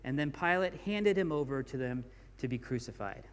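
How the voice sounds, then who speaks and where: A man's voice: medium pitch, lively intonation, moderate pace, clear, resonant tone, in a large hall. A man preaching a sermon as a pastor, speaking informally and reading scripture aloud with rising emphasis. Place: church sanctuary.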